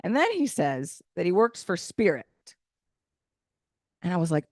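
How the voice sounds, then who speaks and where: A woman in her thirties performing a stand-up comedy set, loud, brash and opinionated in her delivery. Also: fairly low pitch, sing-song, measured pace, long pauses, no echo, clean studio sound. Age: 30s. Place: event stage.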